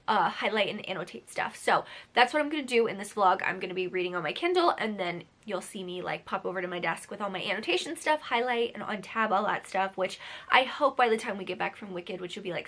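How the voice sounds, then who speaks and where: A woman's voice: mid-range voice, sharp tone. A young woman vlogging casually at home, chatty and rambling with lots of "like". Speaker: book vlogger. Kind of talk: casual vlog chat.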